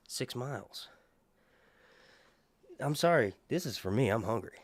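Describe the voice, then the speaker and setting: A man's voice: mid-range voice, unhurried, no echo. A man, chatting casually on a livestream and talking to his dog as he goes. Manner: chatty, rambling, talks to his dog and viewers. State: out of breath. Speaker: livestream host.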